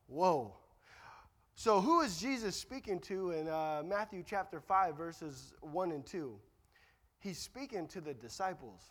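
A young man preaches in a high, lively voice, slipping in jokes and hammering home repeated lines. His words ring out with a long reverb from the hall. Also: measured pace. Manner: joking asides, repeats key lines. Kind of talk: sermon.

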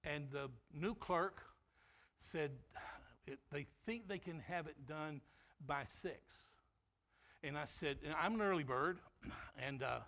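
Man preaching a sermon, slightly high voice. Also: takes it slowly, creaky, pauses often. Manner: preaching, drops to a quiet storytelling tone for anecdotes. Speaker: pastor.

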